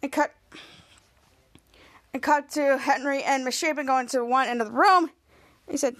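A woman with a high voice hosts a podcast and recaps a TV episode. She rambles and restarts often, and slips into the characters' lines as she goes. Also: moderate pace, long pauses, a bit bright. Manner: rambling retelling with many restarts, acting out lines. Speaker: podcast host.

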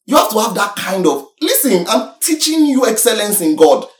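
A young man from Nigeria, preaching a sermon in an animated, exhorting way with sudden swings in pitch and loudness. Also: moderate pace. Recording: roomy echo, mic from far off.

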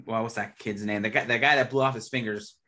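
A man's voice: on the low side, fairly even intonation, fast, sharp tone. A man co-hosting a casual sports podcast, chatty and loose, laughing often as he talks. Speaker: podcast co-host.

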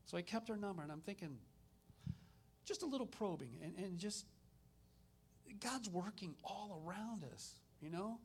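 A middle-aged man, a minister telling personal stories in a conversational sermon with animated retellings. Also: sits high, normal speed, breathy edge.

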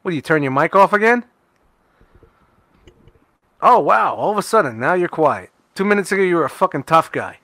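Loud profane joking man. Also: fairly high pitch, lively intonation, no echo. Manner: profane, teasing, fast and loud. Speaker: podcast co-host. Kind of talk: crude joking banter.

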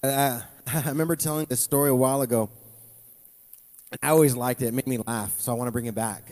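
A man's voice: mid-range voice, fast talker, darkish tone. Man preaching in a reverberant church hall. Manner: conversational preaching, restarts and asides to the congregation. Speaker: pastor. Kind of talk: sermon.

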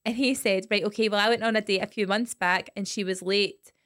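A woman's voice: medium pitch, steady tone, brisk, fairly bright tone. A woman co-hosting a podcast, chatting casually and telling stories by reading messages aloud. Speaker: podcast co-host. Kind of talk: casual chat.

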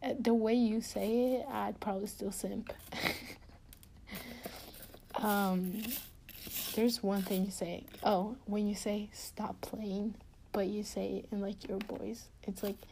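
A woman chatting intimately and casually to her partner, giggly and rambling in a soft, often half-whispered voice. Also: mid-range voice, little pitch movement, slow pace, vocal fry, long pauses, slight background noise. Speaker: podcast host talking to her partner. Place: indoors at home.

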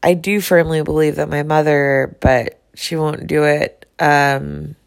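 A woman's voice: deep voice, flat delivery, measured pace, gravelly, clear, resonant tone. A woman talking bluntly and outspokenly in a casual personal monologue, swearing freely. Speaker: vlogger.

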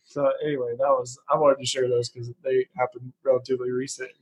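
A man's voice: mid-range voice, level tone, fast, slightly rough. A man sharing funny anecdotes in casual chat, giggling as he talks. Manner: giggly, chatty. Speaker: podcast co-host.

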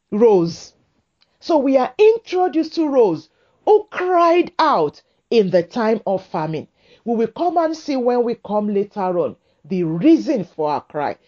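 A woman preaching a sermon to women, with a slow, emphatic, repetitive cadence. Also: on the high side, a little mellow, dull audio.

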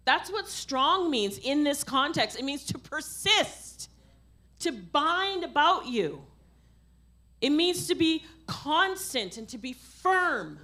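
A middle-aged woman preaching a sermon, impassioned, swinging from quiet asides to loud exhortation. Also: high-pitched, very animated, slow pace. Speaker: pastor.

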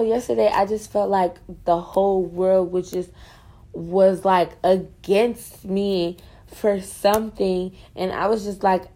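A woman's voice: mid-range voice, vocal fry, darkish tone. A woman student venting in a casual, rambling monologue for her podcast, frustrated and full of fillers.

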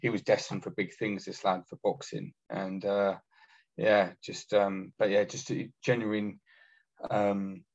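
An army veteran telling blunt, sweary stories in a casual chat. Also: male voice, fairly low pitch, little pitch movement, a little slow, highs cut off. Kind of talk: casual podcast storytelling.

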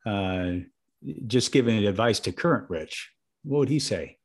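A man hosting a casual heartfelt conversation, affectionate and soft-spoken, pausing often with fillers. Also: lowish voice, expressive. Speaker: host.

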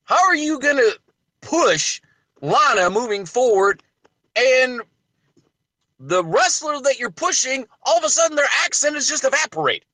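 Male podcast host, high bright voice, emphatic ranting delivery. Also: very animated, measured pace, no room sound. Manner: emphatic, ranting rhetorical questions. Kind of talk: wrestling podcast commentary.

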